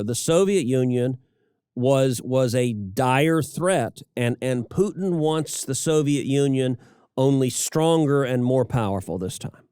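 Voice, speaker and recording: A middle-aged man talks politics with insistent emphasis, often doubling his first words. His voice sits at a typical pitch. The recording is close and dry, with no room sound. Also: warm tone, smooth, no room sound. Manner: emphatic, repeats words when starting sentences. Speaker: senator and podcast co-host. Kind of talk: political commentary.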